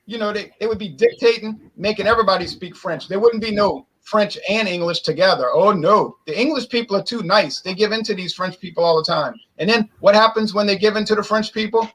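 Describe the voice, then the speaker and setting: A man co-hosting a casual talk show, telling animated opinionated stories and mimicking people he quotes. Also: sits high, a little fast, hardly any pauses, low-quality recording. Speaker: podcast co-host.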